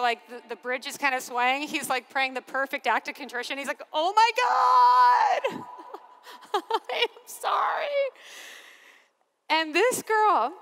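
A religious sister giving a keynote to a large crowd in animated, expressive storytelling, acting out voices and laughing often. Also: female voice, high voice. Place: large convention arena. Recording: long reverb of a big arena.

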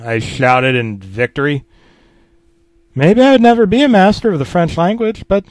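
A man's voice: on the high side, animated, normal speed, a little mellow, no echo. A man reading a comedic creepypasta in a mock-serious, self-deprecating tone, swearing freely. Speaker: narrator.

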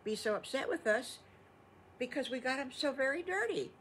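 A chirpy young alligator from a storybook, played by an older woman telling a bedtime tale. He talks in a chatty, upbeat way, pitched a little higher than her own voice. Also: lively intonation, normal speed, fairly bright tone, a little hiss or hum. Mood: cheery. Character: cheerful young male alligator, playful.

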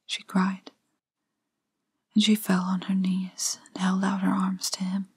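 A woman reads an old fairytale in a gentle whispered role-play meant for sleep. Her whisper is airy and breathy, slow and evenly level. The sound is close and dry, with no room in it. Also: medium pitch, completely flat delivery, no echo. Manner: gentle, unhurried storybook reading. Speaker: storyteller.

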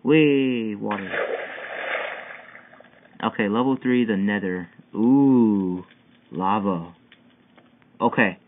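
A young man giving excitable, frustrated commentary while playing a parkour game, yelping at each failed jump. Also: fairly low pitch, very slow, long pauses. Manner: excitable, yelping and whining at failures. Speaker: gamer. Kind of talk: gameplay commentary. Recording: tinny phone-like mic with faint hiss.

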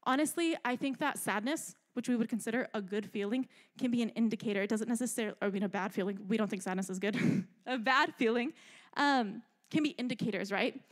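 Lively young woman giving a youth sermon. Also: fairly high pitch, brisk. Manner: animated, chatty, asks "right?" a lot. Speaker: youth speaker.

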